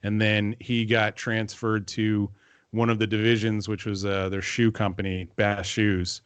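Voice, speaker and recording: A man in his forties, a composer guest on a podcast, talking in a relaxed, meandering way with many fillers. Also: on the low side, unhurried, smooth, no echo. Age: 40s. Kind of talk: casual interview chat.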